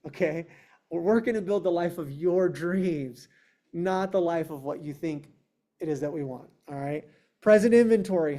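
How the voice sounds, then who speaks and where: Speaking to a video call, a man with a high-pitched, darkish voice runs a real estate sales meeting. His manner is forceful and confrontational as he grills his team and plays out clients' lines in character.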